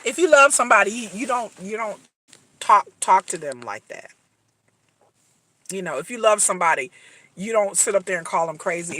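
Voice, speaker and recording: Bright-voiced woman ranting profanely. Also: medium pitch, a little hiss or hum. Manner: profane, emphatic, repetitive. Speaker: reality TV commentator. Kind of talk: casual ranting commentary.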